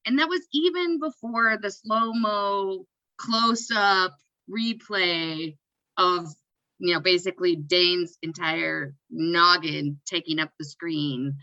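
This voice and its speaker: A woman co-hosting a casual sports podcast, talking slowly in a bright, sharp voice. She is playful and jokey and laughs at her own quips. The sound is dry and dull, with a lo-fi edge. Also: on the low side, no echo. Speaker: podcast co-host.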